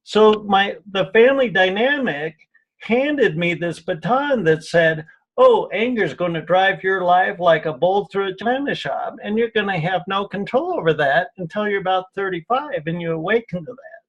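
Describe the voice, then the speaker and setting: A man with a notably high voice speaks as a guest on a radio interview. He tells personal stories earnestly, often repeating words and restarting his sentences. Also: expressive, moderate pace, fairly bright tone, muffled recording. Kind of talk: radio interview, spiritual healing talk. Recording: radio show audio.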